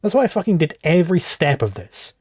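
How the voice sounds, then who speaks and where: A man's voice: fairly high pitch, very animated, quick pace, darkish tone, slightly rough, dry recording, clean studio sound. Fiery, swearing man ranting live. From outside the US. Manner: heated, profane, rhetorical. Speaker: livestream host reacting to a clip. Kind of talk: livestream reaction rant.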